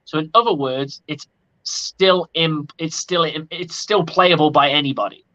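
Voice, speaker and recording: A podcast co-host talks casually about sports, blunt and opinionated, swearing freely. His voice is a little high and fairly bright, delivered at a measured pace. The audio is lo-fi.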